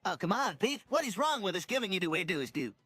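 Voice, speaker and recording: A synthetic man's voice playing a smarmy, flattering cartoon neighbor man. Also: high voice, fast, breathy edge, faint music behind, exaggerated voice.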